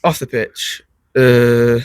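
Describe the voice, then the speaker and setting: A man's voice: mid-range voice, little pitch movement, very slow, heavy background noise. A man, a footballer joking about himself in casual post-match chat. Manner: jokey, laid-back.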